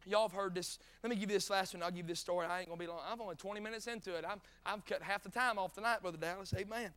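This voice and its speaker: A middle-aged man with a North Carolina drawl preaches a rapid-fire revival sermon, telling folksy stories, cracking jokes and climbing to shouted peaks. His very high voice is clear and smooth, with a bright, forceful edge.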